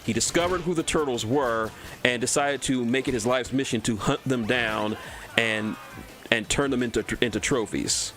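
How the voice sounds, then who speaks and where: A man's voice: medium pitch, moderate pace, fairly bright tone. A man from Texas streaming a game, rambling through cartoon trivia, often stumbling and repeating words and swearing casually. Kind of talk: casual gameplay commentary.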